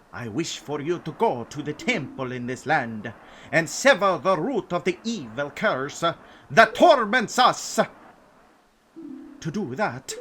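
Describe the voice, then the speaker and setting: A man doing a high ghostly composer with a Swedish-ish lilt. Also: pushed and bright, slight background noise, exaggerated voice. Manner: put-on vaguely Swedish-sounding accent; slow, grand, high-pitched reading. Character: ghostly male composer, mournful and grateful.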